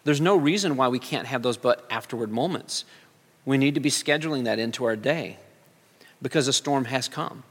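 A man preaching a sermon as a pastor, speaking earnestly and sometimes rising into loud pleading cries. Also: medium pitch, normal speed, in a large hall.

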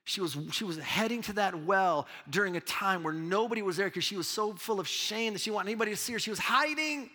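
A man preaching a sermon as pastor, swinging between loud urgent preaching and hushed, intimate asides. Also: sits high, expressive, fast talker, few pauses, in a large hall.

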